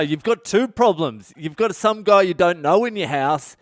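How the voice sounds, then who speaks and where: A man's voice: high-pitched, animated, normal speed, few pauses, no room sound, studio quality. A man, a comedian hosting his daily podcast, telling a profane comic story and acting out other people's voices along the way. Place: a home in India.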